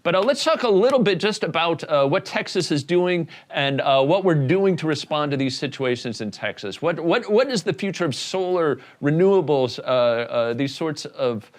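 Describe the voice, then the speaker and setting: A man hosting a casual comedic interview, rambling and halting through his questions with many restarts. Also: fairly high pitch, lively intonation. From Indiana. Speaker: host.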